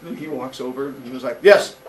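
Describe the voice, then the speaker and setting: A man in his forties telling a childhood story casually, animated and laughing often, acting out quotes in a high voice. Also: fast, distant mic, a little hiss or hum. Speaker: podcast host.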